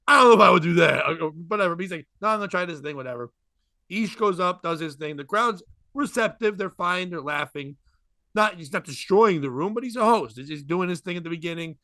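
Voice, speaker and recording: A man's voice: on the high side, no room sound, clean studio sound. A man telling a long rambling comedy story in casual podcast chat. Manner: rambling, animated, quick asides and laughs.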